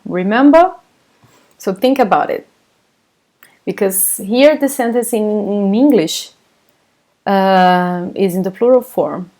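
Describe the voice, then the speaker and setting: A woman's voice: medium pitch, warm tone. A Brazilian woman with a Brazilian Portuguese accent, a native Portuguese speaker teaching a live online language lesson, encouraging her students and often laughing as she reads out their comments.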